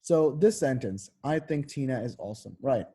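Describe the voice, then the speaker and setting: Mellow, husky-voiced male tutor. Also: medium pitch, lively intonation, moderate pace. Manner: loose, filler-heavy explaining with frequent self-corrections. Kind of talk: casual online tutoring.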